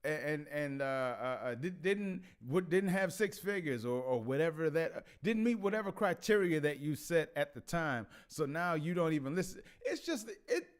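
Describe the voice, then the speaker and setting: A man's voice: on the high side, expressive, moderate pace, few pauses, smooth. A man hosting a casual commentary vlog who laughs often and stammers through restarts. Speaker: vlog host.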